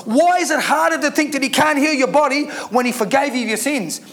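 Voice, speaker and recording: High-voiced man preaching emphatically. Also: fairly quick, a bit bright. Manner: emphatic preaching with rhetorical questions. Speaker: pastor. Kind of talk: sermon.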